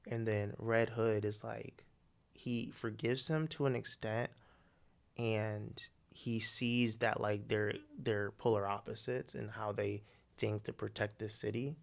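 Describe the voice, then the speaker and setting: A man co-hosting a podcast, spinning a story in casual chat with slangy, animated delivery. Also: lowish voice, gravelly. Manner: animated, slangy storytelling with quick acted quotes. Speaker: podcast co-host.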